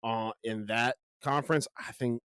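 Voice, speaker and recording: A man co-hosts a sports podcast in casual chat, easygoing and hesitant as he hedges his opinions. His medium-pitched voice is clear, resonant, and fairly bright, with fairly even intonation at a normal speed, captured in a dry, clean studio recording.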